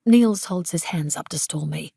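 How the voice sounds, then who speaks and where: Woman reading an audiobook in first person, low gravelly voice, super dry close sound. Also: moderate pace, mellow, no room sound. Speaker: audiobook narrator.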